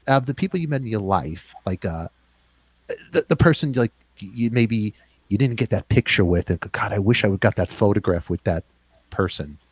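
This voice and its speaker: A man's voice: medium pitch, no room sound, poor audio. Middle-aged new york guy hosting, mid voice, dry close sound, chatty. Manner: chatty, talks in bursts with restarts. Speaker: podcast host. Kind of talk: casual interview chat.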